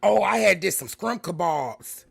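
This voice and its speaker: A woman's voice: mid-range voice, expressive, unhurried, creaky, breathy edge, dry recording, studio quality. A woman hosting a casual livestream from a room at home, chatting with viewers and calling them baby and honey. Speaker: livestream host.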